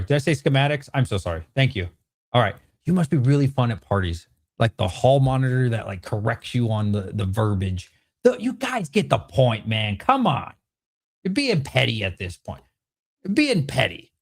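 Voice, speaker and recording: A man with an animated, bantering manner, hosting a casual livestream Q&A from home and answering chat comments. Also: medium pitch, gravelly, breathy edge. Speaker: host.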